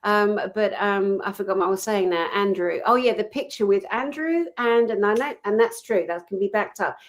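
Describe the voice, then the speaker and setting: A woman co-hosting a casual talk, her pitch sitting in the middle of the range. She is passionate and outspoken, and she tells her stories with plenty of animation. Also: moderate pace. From Britain. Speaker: co-host. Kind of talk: casual chat.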